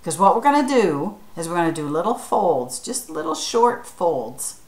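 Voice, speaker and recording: A woman's voice: fairly low pitch, big pitch swings, moderate pace, darkish tone, echoey room. A woman leading a children's craft tutorial, patient and encouraging, spelling words out letter by letter and asking viewers to follow along. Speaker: children's craft leader at a church.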